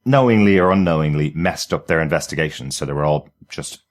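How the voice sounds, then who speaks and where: A man's voice: rumbling low, brisk. A man co-hosting a podcast, chatty and enthusiastic, laughing easily. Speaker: podcast co-host. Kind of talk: casual review chat.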